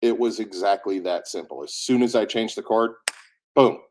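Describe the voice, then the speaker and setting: A man's voice: fairly low pitch, normal speed, slight background noise. A man working as an audiobook narrator who has a cold, telling stories in a casual chat and acting out the quoted lines. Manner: animated storyteller who acts out quotes.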